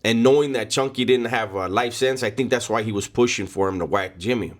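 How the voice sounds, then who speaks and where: A man's voice: mid-range voice, a little fast. A man telling a first-person story in a casual, blunt way, full of street slang and cursing.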